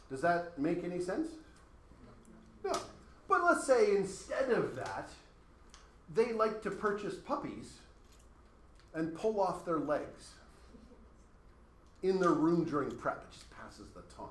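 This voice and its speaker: A man's voice: high-pitched, sing-song, unhurried, pauses often. A man teaching a class, talking casually and working through hypothetical examples. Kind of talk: classroom lecture. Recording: echoey classroom with faint noise.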